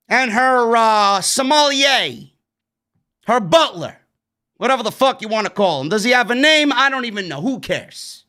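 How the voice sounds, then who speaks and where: A man's voice: high voice, bright, forceful tone. A man with a New York accent recapping a wrestling show in a blunt, sarcastic, swearing rant. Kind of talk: casual recap commentary.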